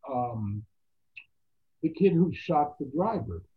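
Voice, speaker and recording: A man telling stories as an actor guest in a casual interview, animated and quoting other people's voices. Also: fairly high pitch, slow pace, husky. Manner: animated anecdotes with quoted voices. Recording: tinny phone-like line.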